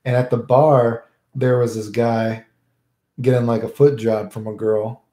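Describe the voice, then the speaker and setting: Guy streaming and rambling to chat, mellow darkish voice, roomy echo. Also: medium pitch, flat delivery, unhurried. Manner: rambling, keeps adding "right?". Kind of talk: casual chat, reading viewer questions.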